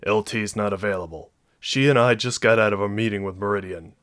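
A man's voice: on the low side, a little fast, a bit bright, natural voice. A man voicing a curt, short-tempered male sergeant who snaps and barks orders in an audiobook. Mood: snappish. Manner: snapping, barking orders.

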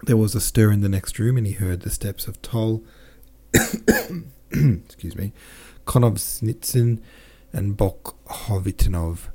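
A man's voice: fairly low pitch, takes it slowly, mellow. A man hosting a podcast, reading a classic novel aloud with plain delivery and casual self-corrections and asides. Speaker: podcast host and audiobook reader.

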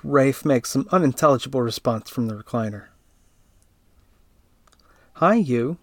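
A man reading a first-person story aloud in a steady, even narrating voice. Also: medium pitch, brisk, no echo.

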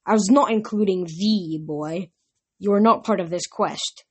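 A woman's voice: medium pitch, measured pace, slightly rough. A woman voicing a proud teenage huntress girl who speaks in a formal, old-fashioned way. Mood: haughty. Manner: archaic, formal, cold.

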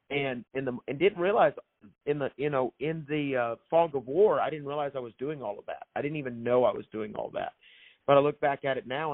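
A man's voice: mid-range voice, dry recording. A man, an author and minister, telling his faith story as a guest in an emphatic, preacherly way and repeating phrases for effect. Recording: thin phone-like sound, dry.

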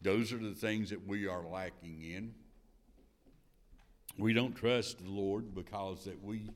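A man's voice: fairly low pitch, steady tone, takes it slowly. A man teaching a Bible lesson in sermon style, earnest and repetitive, with firm rising declarations and scripture read in old King James wording. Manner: earnest preaching, repeats phrases for emphasis, rising to firm declarations. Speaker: Sunday school teacher.

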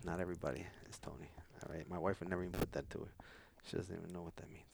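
A man's voice: sits low, little pitch movement, rapid-fire, creaky, very noisy. A man in casual chat, defensive and teasing. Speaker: podcast guest.

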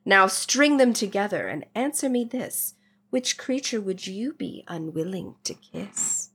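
A woman's voice: medium pitch, animated, measured pace, fairly bright tone, slightly rough, exaggerated voice. A woman voicing a female sphinx, giving a dramatic rhymed reading. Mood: theatrical. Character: riddling female sphinx, grand and teasing.

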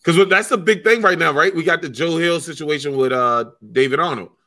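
Bright-voiced comic telling stories. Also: male voice, a little high, a little fast. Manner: animated storyteller, swears freely, acts out quotes. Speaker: stand-up comic. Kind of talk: casual podcast chat.

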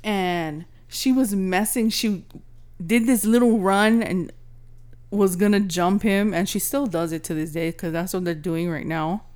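This podcast co-host, a woman, chats casually and tells meandering stories, swearing freely. Her medium-pitched voice is a little mellow and a little slow.

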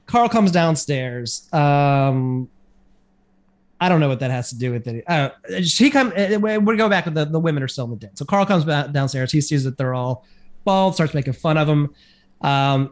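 A man casually recapping a TV episode on a podcast, rambling with lots of fillers. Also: mid-range voice. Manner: rambling, filler-heavy retelling. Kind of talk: casual chat.

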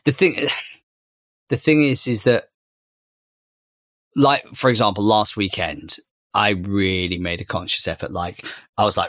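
A man in his thirties speaks as a podcast co-host in easy, rambling conversation. His voice sits on the lower side, and he keeps circling back with fillers and restarts. The sound is dry and close, with no room around it. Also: unhurried, long pauses, a bit bright, no room sound. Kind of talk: casual conversation.

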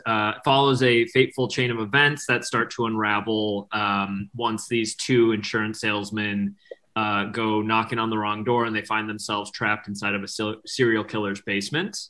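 A man who is a guest filmmaker on an interview show, explaining his film in a measured way with some fillers. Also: on the low side, steady tone, fairly bright tone. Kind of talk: interview answers.

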